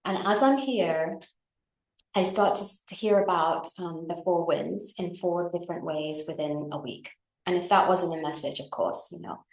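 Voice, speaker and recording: A middle-aged woman with a low, gravelly voice tells a personal story as an interview guest. She talks in a chatty, conversational way and often checks in with her listener. The call sounds echoey, as if she is in a bare room. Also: normal speed, darkish tone. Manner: chatty, with frequent tag questions and fillers. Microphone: video call.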